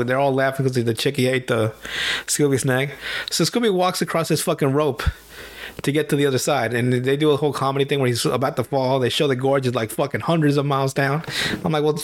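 A man hosting a podcast, retelling a cartoon plot in casual, profane chat full of quick impressions. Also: medium pitch. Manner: animated, profane storyteller with voices and laughs. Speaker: podcast host.

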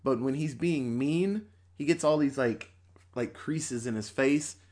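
A man in his thirties, a podcast host, chatting casually and profanely, acting out bits in quick voices. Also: medium pitch, a little mellow. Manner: loose and profane, acts out quotes. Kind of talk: casual chat.

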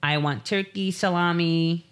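A man doing a tipsy young Valley girl placing a late-night deli order. Her drawl stretches out slow and lazy, pitched clearly above his normal voice. She sounds a little distant from the mic. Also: steady tone, noisy background, natural voice.

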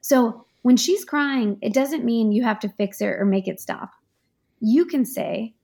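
A woman with some vocal fry, explaining ideas in a relaxed interview. She leans on fillers and asides as she gives practical, down-to-earth guidance. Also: on the high side, a little slow. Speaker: author and life coach, guest. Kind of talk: conversational interview.

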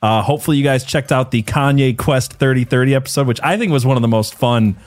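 A man's voice: mid-range voice, fast. A man hosting a podcast in a casual, jokey way, laughing often and chatting with his co-host.

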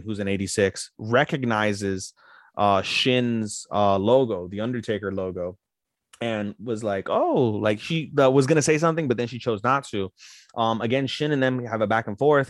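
A man with a fairly low voice talks through anime episodes in a loose, rambling podcast recap. He leans on fillers and swears freely. The recording is dry and close, with little room sound. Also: no echo. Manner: rambling, frequent fillers and profanity. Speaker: podcast co-host.

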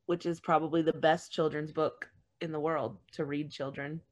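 A woman's voice: low voice, level tone, moderate pace, a little mellow. A woman in casual conversation, playful and upbeat, chatting about things she remembers. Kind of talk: casual chat.

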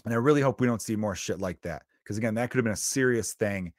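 A man's voice: fairly low pitch, fast talker, dry recording. A young man hosting a solo podcast, talking casually and bluntly, with plenty of swearing as he tells a story. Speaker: podcast host.

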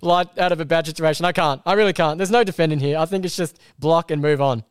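A man's voice: on the high side, quick pace, smooth, no echo, clean studio sound. A young Australian man hosting a casual podcast, chatty and upbeat, laughing often. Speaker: podcast host. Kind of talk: casual chat.

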